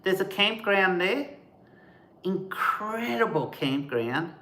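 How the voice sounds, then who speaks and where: Lively man telling stories. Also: high voice, slow, roomy sound, noisy background. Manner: animated, mimics bird calls and sounds. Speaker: host of a camping channel, live stream. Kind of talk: casual storytelling on a live stream.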